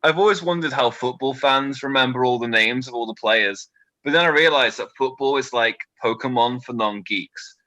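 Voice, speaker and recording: A British man in his twenties doing a stand-up set, delivering deadpan one-liners with nervous asides to a quiet crowd. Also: mid-range voice, no echo, rough recording. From Britain. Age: 20s. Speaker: stand-up comedian.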